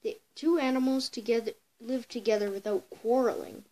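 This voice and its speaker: A woman's voice: fairly high pitch, steady tone, normal speed, warm tone, poor audio. A girl telling a folk tale for a home video, reading with many stumbles and self-corrections. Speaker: storyteller.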